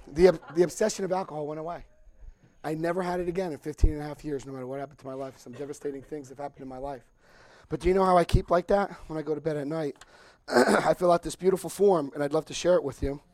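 A middle-aged man telling a lively personal recovery story to a group, acting out voices and laughing often. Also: a little high, fast. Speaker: recovery speaker.

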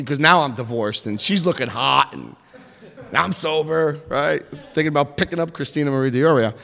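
A man telling a personal story in an animated way, acting out the voices of others. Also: medium pitch, normal speed, gravelly, big-room sound.

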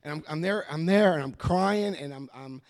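A man's voice: a little high, moderate pace. A middle-aged American man giving a rambling personal testimony to a meeting, often repeating himself and acting out quoted voices. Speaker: recovery meeting speaker.

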